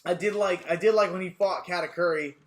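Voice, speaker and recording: A man's voice: sits high, fairly quick, a little hiss or hum. A young man co-hosting a casual podcast chat, telling stories and acting out quotes with lots of energy. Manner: animated storyteller, acts out quotes. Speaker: podcast co-host.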